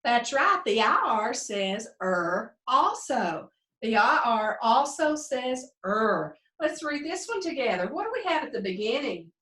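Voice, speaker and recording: A woman's voice: on the high side, sing-song, bright, forceful tone, recorded from a distance. Sing-song woman teaching phonics, roomy. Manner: slow, drawn-out sounding out of words. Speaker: second grade teacher. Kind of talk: phonics lesson for young children.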